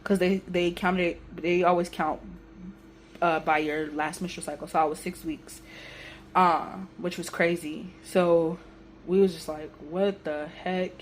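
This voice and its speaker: A young woman telling a personal story on her vlog in a casual, emotional, animated way with everyday slang. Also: on the low side, unhurried, a little hiss or hum. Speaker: vlogger.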